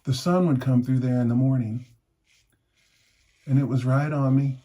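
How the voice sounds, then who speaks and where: A man's voice: medium pitch, fairly even intonation, normal speed, warm tone. A man in his fifties rambling through an anecdote while shaving, chuckling as he reviews shaving gear. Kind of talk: casual vlog storytelling while shaving.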